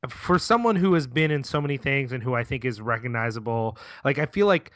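A man co-hosting a casual movie review podcast, halting and searching for words. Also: mid-range voice, expressive, a bit bright, dry recording. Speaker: podcast co-host.

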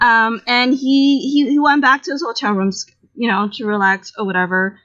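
A woman chatting casually as she tells a story, animated and loose, swearing freely and acting out what people said. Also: a little high, normal speed. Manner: animated, loose and profane, acts out the dialogue. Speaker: podcast co-host telling a story. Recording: slightly dull lo-fi audio.

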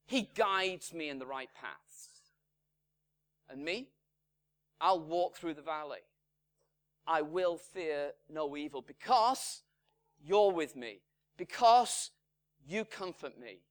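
Slow, measured man preaching a sermon. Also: on the high side, lively intonation. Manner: measured, emphatic delivery with loudness swinging from strong to hushed. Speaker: pastor. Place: church in Salford.

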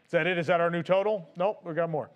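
A man's voice: a little high, fairly even intonation, fast talker, lo-fi sound. A man hosting a live stream, casually reading out donations in a playful, laughing, loose manner.

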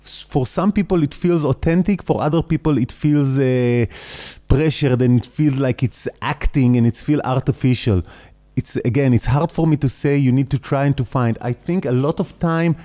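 A man with a non-native English accent talks as a clown teacher, pausing often to find the right words. His voice is mellow and dark. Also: mid-range voice. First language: not English. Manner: thoughtful, halting, searching for words.

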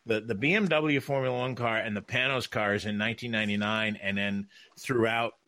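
A man, a racing broadcaster, telling stories in a casual panel chat, halting with frequent restarts and laughter. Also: lowish voice, steady tone, pushed and bright.

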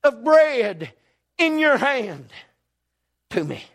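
Guy doing an old prophet, quiet and measured, asking gently. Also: extremely high pitch, sing-song, vocal fry, voice pushed up, exaggerated voice.

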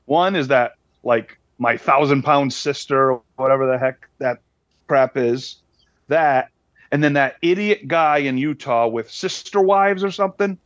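A man's voice: mid-range voice, unhurried, fairly bright tone, no echo, muffled recording. A man co-hosting a podcast, chatting casually in a joking, playfully indignant way. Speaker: podcast co-host, actor. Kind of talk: casual chat.

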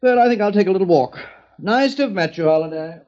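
An actor playing a sardonic, bitter middle-aged husband in a 1940s radio drama, with dry, cutting sarcasm. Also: male voice, high voice, lively intonation, quick pace, a little mellow. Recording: dull old radio recording.

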